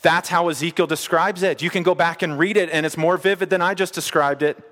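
A man's voice: on the high side, fairly even intonation, fairly quick, a bit bright, in a large hall. A man in his thirties preaching a sermon, earnest and conversational, repeating his key phrases. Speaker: pastor.

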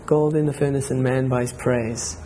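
A man's voice: medium pitch, fairly even intonation, normal speed, mellow, slight background noise. A man giving an informal, enthusiastic talk at a church gathering. He rambles, restarts his sentences and laughs between them.

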